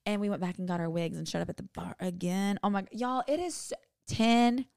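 A woman, a slightly hoarse voice and a jokey, chatty manner, co-hosting a casual podcast chat. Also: mid-range voice, brisk, a little mellow, dry recording, clean studio sound. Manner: chatty, jokey, laughs often. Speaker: podcast co-host.

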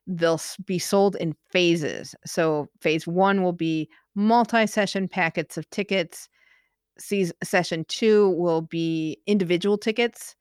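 Chatty woman podcast co-host, low voice. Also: a little slow, clear, resonant tone, no echo, clean studio sound. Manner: chatty, laughs often. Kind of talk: casual podcast chat.

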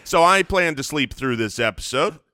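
A playful man co-hosts a podcast, his bright, forceful voice swooping up and down as he jokes. He sits a little high and is recorded dry and close. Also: lively intonation, moderate pace, no echo. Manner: playful, jokey, laughs a lot. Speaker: podcast co-host. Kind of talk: casual podcast banter.

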